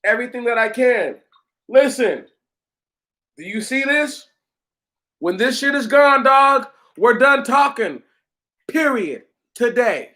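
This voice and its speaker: A high-pitched man with a bright, cutting tone rants on his own channel. He is profane and confrontational, and he talks at an unhurried, drawn-out pace as he mocks the people in his comments. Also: expressive. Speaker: channel host answering commenters. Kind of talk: heated livestream rant.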